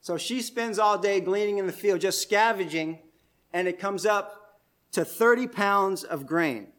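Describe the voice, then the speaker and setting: Preaching through a passage step by step, a man speaks at a measured pace in a high-pitched, fairly bright voice. His sermon is conversational, and he asks his congregation questions.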